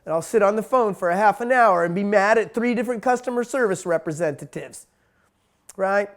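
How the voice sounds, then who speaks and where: A man's voice: high-pitched, brisk. Blunt, emphatic man swearing freely. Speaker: spiritual teacher. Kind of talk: monologue talk.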